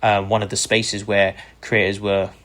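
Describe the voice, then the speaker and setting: This interview features a British content creator with a lowish voice and a moderate pace. Eager and appreciative, he narrates his story while bringing quoted people to life through animated voice acting.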